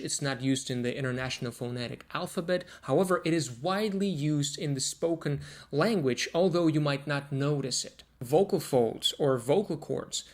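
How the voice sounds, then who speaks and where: Speaking to camera in a voice on the high side, a man teaches a pronunciation lesson. He explains things step by step and slowly repeats example words to show the sounds.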